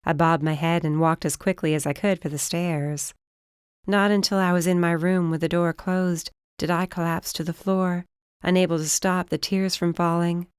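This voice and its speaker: A woman reads first-person fantasy narration in a steady, measured way. Her voice sits on the low side and sounds close and dry, with no room sound at all. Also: clear, resonant tone, no room sound. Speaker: audiobook narrator.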